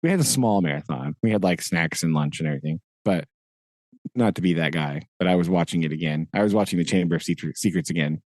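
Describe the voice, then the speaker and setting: A man co-hosting a podcast, chatting casually in an animated, joking way with nerdy asides. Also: low-pitched, quick pace, dry recording. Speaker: podcast co-host. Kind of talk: casual chat.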